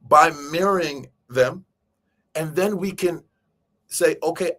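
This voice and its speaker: A man hosting a live stream, talking casually to his viewers about a book and acting out quoted speech along the way. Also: fairly high pitch. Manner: animated, addresses viewers directly, acts out quoted speech. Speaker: show host.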